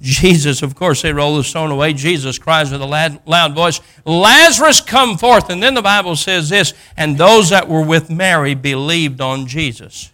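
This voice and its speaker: Folksy older preacher with a bright voice. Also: male voice, fairly high pitch. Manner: folksy storytelling, acting out Bible characters, builds to loud peaks. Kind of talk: sermon.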